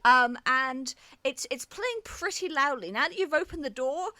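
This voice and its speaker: High bright-voiced woman game master. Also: animated, no room sound. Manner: laughs through her narration, drawn-out for spooky effect. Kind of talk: narrating a tabletop game.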